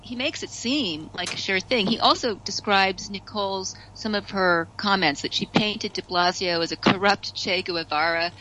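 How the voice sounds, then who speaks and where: A woman's voice: medium pitch, normal speed, hardly any pauses, pushed and bright, a little hiss or hum, low-quality recording. A woman talking as a guest commentator on a radio show, chatty, with frequent restarts and laughter. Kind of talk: casual radio discussion.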